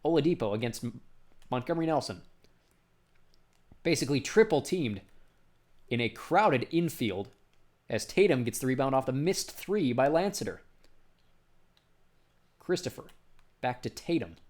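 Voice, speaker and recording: A man in a mid-range voice calls a basketball game play by play. He names each pass in quick, clipped phrases and his voice jumps up when a big shot goes in. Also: mid-range voice, animated, a little mellow. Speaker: play-by-play commentator.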